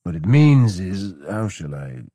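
Man doing a drunk Roman general, slurring, loud, crude, husky voice, dry sound. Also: low-pitched, sing-song, a little slow, dry recording, full character voice. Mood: drunken. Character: drunken boorish male Roman general, leering.

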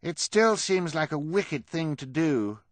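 A man's voice: on the high side, expressive, takes it slowly, no room sound, voice pushed up. A man voicing a clever, anxious teenage boy who talks in a nervous, polite way in a storybook reading. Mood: uneasy.

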